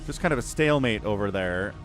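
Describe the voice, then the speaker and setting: A man's voice: lowish voice, lively intonation, fast, fairly bright tone, soft background music. A man giving casual, playful live commentary on a strategy game, reading out players' chat lines in mock voices. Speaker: game caster.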